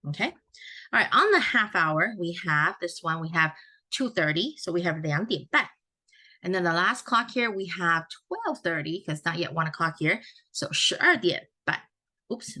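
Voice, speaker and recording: A woman's voice: fairly low pitch, bright, forceful tone. A woman teaching a recorded Chinese grammar lesson, explaining step by step in a friendly way and correcting her own slips aloud.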